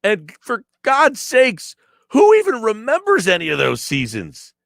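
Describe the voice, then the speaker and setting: Emphatic sports radio host. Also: male voice, high voice, huge pitch swings, measured pace, creaky, a bit bright, dry recording, clean studio sound. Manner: emphatic, sarcastic, rants with mock quotes. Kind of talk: opinionated sports talk radio. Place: radio studio. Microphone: studio microphone.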